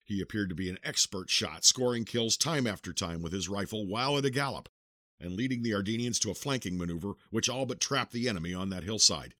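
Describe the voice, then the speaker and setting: A man narrating an audiobook in a steady, measured storytelling manner, recorded close to the mic. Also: fairly low pitch, no room sound.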